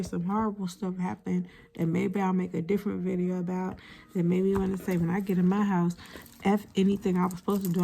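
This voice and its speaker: A woman's voice: mid-range voice, vocal fry, mellow. A woman in her fifties speaking earnestly and from the heart in a vlog, late at night at home. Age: 50s. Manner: earnest, heartfelt, drifts between talking and whispering. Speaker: vlogger. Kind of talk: emotional motivational vlog.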